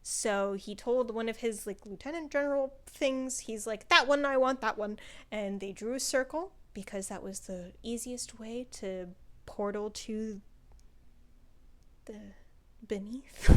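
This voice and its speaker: A young woman talking casually through a book review, chatty, with many fillers and some swearing when excited. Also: on the high side.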